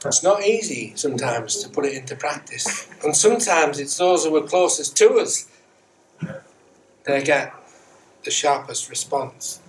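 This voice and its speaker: A man's voice: a little high, expressive, a little slow. A middle-aged man giving a Sunday sermon in church, chatty and self-mocking, with repeated rhetorical questions. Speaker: Methodist minister. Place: church sanctuary, indoors. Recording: distant church mic with faint hiss.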